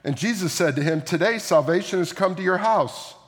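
A man preaching a sermon, explaining scripture in a loose conversational way and breaking off to put questions to his listeners. His voice sits fairly high for a man. The sound rings out with the long reverb of a large hall. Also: brisk. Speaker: pastor.

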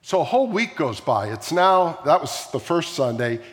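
Animated man preaching in a reverberant church. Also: a little high, normal speed. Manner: animated storytelling preacher, asks the congregation questions. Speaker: pastor. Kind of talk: sermon. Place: large church sanctuary. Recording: long hall reverb.

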